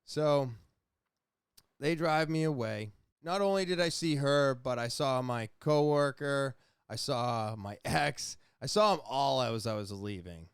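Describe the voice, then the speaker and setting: A young adult man hosting a podcast, casually telling a rambling, profane story with animated retellings. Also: mid-range voice, unhurried, clean tone, dry recording, clean studio sound. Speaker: podcast host.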